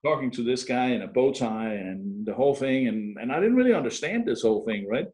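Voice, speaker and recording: A man's voice: mid-range voice, a little fast. Middle-aged Danish man telling stories. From Denmark. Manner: animated storyteller, self-mocking, frequent fillers and restarts. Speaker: podcast guest, security professional. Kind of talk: casual interview storytelling.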